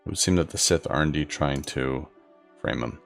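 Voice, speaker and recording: A man giving relaxed, joking commentary while playing a video game. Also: very deep voice, normal speed, vocal fry. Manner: relaxed, joking asides, mumbled. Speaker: gaming channel host. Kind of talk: casual gameplay commentary. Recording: commentary over faint game music.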